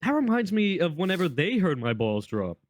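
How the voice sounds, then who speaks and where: A teenage young man co-hosting a podcast, chiming in with quick joking comebacks. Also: sits high, very animated, dry recording, clean studio sound. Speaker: podcast co-host. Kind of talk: casual chat.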